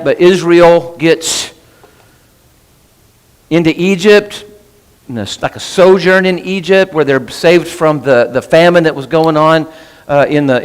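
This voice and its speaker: A man's voice: a little high, smooth, in a large hall. A man teaching a casual Bible class in church, chatty, breaking off his own sentences and asking "right?" often. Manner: chatty, self-interrupting, asks "right?" often. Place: church meeting room.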